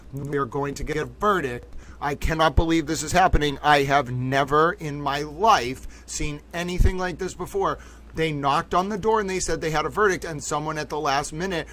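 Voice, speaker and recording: A man hosting a live stream, talking in an excited, breathless way and repeating himself. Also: a little high, slight background noise, poor audio. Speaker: livestream host.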